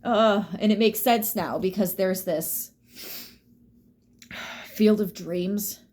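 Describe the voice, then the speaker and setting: A woman giving a tarot reading, emphatic and swearing, dropping now and then into soft whispers. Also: mid-range voice, slow. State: teary at times. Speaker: tarot reader.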